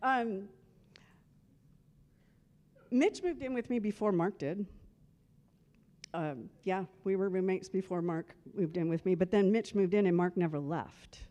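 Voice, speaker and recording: A woman's voice: medium pitch, unhurried, pauses often, dark tone, dull audio. A woman giving a eulogy for her husband at a memorial service, telling humorous stories and acting out old conversations. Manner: humorous, acts out remembered conversations.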